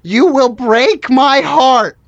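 A woman's voice: a little high, animated, normal speed, no room sound, dull audio, pitched above the performer's own voice, close to an everyday voice. A woman voicing an overworked, lovesick shop worker who sold their soul, in a drawling slacker impression during an improvised tabletop game. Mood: lovelorn. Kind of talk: improvised tabletop role-play.

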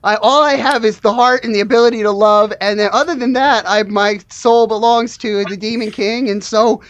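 A woman's voice: fairly high pitch, fairly even intonation, normal speed, muffled recording, pitched above the performer's own voice, natural voice. Woman doing a drawling lovesick worker. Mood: lovelorn. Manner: drawling slacker impression. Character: overworked lovesick soulless shop worker. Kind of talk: improvised tabletop role-play.

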